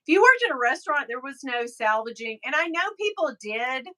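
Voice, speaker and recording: Bright-voiced middle-aged woman, chatty. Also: high voice, sing-song, fairly quick. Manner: chatty, storytelling, reading out viewer comments. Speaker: livestream host. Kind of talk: casual live chat.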